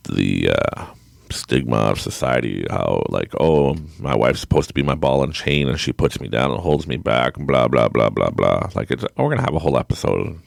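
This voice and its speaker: A man in his late thirties with a very deep, gravelly voice rambles through a personal story on a podcast. His delivery is frank and emotional and swings widely in pitch. He keeps restarting his sentences, and the recording is close and dry. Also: no echo. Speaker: podcast guest.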